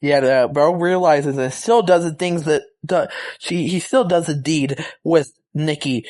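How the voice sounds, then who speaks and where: A young man casually reviewing a movie, excited and rambling, full of slang and fillers. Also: a little high, a little slow.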